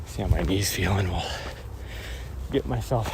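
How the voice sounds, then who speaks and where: A man's voice: sits low, normal speed. A man chatting casually while hiking up a mountain trail, rambling and correcting himself as he goes, sometimes short of breath. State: out of breath at times. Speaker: trail runner vlogging. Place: outdoors on a windy mountain trail. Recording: loud wind and outdoor noise. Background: wind, distant vehicle.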